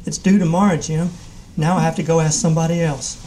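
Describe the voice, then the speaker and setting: A man reading aloud and voicing a gentle, practical schoolgirl in his own voice. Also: a little high, steady tone, fast, slight background noise, natural voice, low-quality recording. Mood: matter-of-fact. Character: fond, practical schoolgirl Chrissy.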